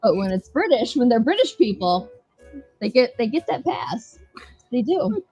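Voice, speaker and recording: A woman's voice: fairly high pitch, sing-song, normal speed, warm tone, husky. A woman hosting a casual online chat, talking loosely, laughing often and swearing freely. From United States. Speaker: host. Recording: dull lo-fi sound, faint music.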